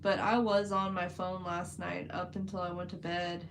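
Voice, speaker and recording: A woman's voice: on the low side, level tone, normal speed, slight background noise, rough recording. A woman chatting casually on a livestream while she paints, rambling with lots of "like" fillers. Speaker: livestream host.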